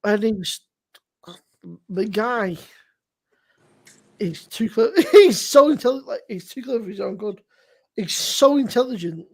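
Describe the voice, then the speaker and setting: A woman chatting as a guest on a live stream, her voice gravelly and husky. She tells stories in an animated way, swears freely and keeps calling people "mate". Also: fairly high pitch, measured pace, long pauses. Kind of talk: casual chat on a live stream.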